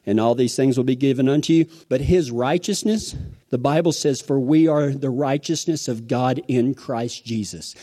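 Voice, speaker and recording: A man preaching a sermon, telling a folksy story, then pressing his points with emphatic, animated delivery. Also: high voice. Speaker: pastor.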